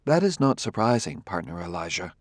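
Casting: man reading a calm, formal partner, soft and measured, low voice. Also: dry recording, studio quality.

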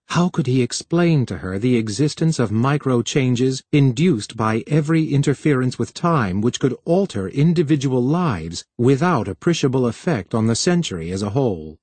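Brief: male story narrator, animated delivery, dead-dry booth recording. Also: medium pitch, no room sound. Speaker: audiobook narrator. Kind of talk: scripted narration.

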